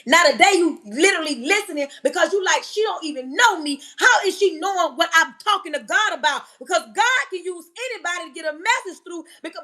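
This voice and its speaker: A woman preaching on a live stream, emphatic and yelling, firing rhetorical questions at her listeners. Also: very high-pitched. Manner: yelling and emphatic, banging on the table.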